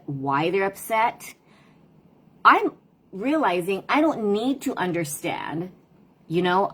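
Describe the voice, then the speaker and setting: Middle-aged woman parent coach, casual reflective livestream chat, lowish voice. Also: breathy edge. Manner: reflective, conversational, tells stories about her daughters.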